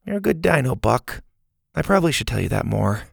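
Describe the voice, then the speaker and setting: A man's voice: medium pitch, very animated, fairly quick, vocal fry, husky, no echo, clean studio sound, heavily acted. A man voicing a kind, earnest boy who talks supportively to his friend. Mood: tender. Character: kind, encouraging boy camper.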